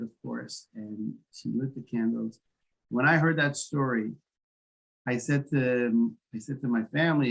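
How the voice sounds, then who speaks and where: A man's voice: mid-range voice, gravelly, rough recording. A man being interviewed as the founder of a volunteer emergency service, telling a story with many restarts and repeated words. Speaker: guest, founder of an emergency medical volunteer group.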